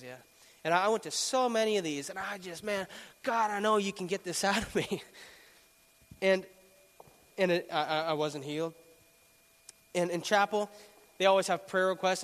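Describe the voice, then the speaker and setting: A young man telling a personal testimony into a microphone, animated and laughing often as he acts out what people said. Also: on the high side, big-room sound. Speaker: speaker giving a testimony. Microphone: handheld microphone.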